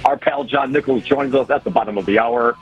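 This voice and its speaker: A man's voice: mid-range voice, dull audio, soft background music. A man hosting a political talk radio show, talking casually and often restarting his sentences. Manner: halting, repeats words while thinking.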